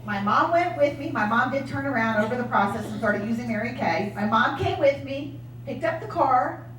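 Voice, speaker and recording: A woman sales director telling her story in a motivational speech, animated and acting out the voices of people she quotes. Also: a little high, normal speed, a little hiss or hum. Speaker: sales director giving a talk. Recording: echoey room from far off.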